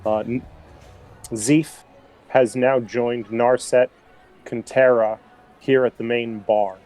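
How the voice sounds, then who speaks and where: A man as game master narrating a tabletop role-playing game, unhurried and full of fillers. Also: medium pitch, little pitch movement, a little mellow, faint music behind.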